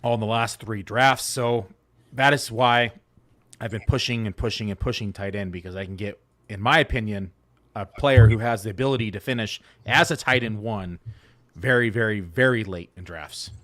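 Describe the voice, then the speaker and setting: Casual and rambling, this fantasy football analyst co-hosts a podcast chat, peppering his speech with fillers. He has a lowish, slightly bright voice and talks at a normal speed.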